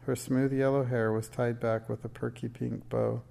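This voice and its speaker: A man reading a children's book aloud in a steady, measured storytelling way. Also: medium pitch, vocal fry. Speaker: narrator.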